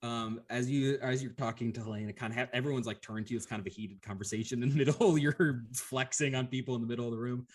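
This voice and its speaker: Young man, game master, casual, mid-pitched voice, chuckles between lines. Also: fast talker, few pauses. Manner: casual, laughing, lots of ums. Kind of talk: narrating a tabletop game.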